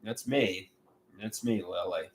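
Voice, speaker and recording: A man livestreaming on his own, reading viewer comments aloud and talking in a halting, rambling way with many restarts. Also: deep voice, roomy sound, slight background noise. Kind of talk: casual livestream chat.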